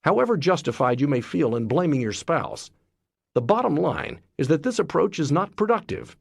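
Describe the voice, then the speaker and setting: A man reading a self-help book aloud as scripted narration, in a lively, expressive way. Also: fairly high pitch, normal speed, vocal fry, breathy edge, no room sound, studio quality. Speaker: audiobook narrator.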